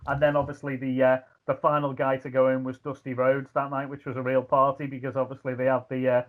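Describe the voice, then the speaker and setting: A man's voice: mid-range voice, fast. A man with a Liverpool accent, a guest ring announcer, telling stories in casual chat with lots of fillers, over a video call. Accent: Scouse. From Liverpool, England. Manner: animated anecdotes with frequent fillers and shouted impressions. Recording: tinny phone-like line.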